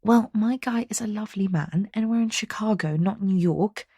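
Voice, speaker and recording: Smitten young woman, put on by a woman reader, hushed whisper, secretive and smiling. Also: mid-range voice, normal speed, breathy edge, dry recording, studio quality, pitched above the performer's own voice.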